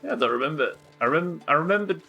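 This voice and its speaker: A man's voice: fairly high pitch, expressive, fast, pushed and bright, soft background music. A British man giving live commentary while streaming a game, swearing often, muttering to himself and chatting with his viewers. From Britain.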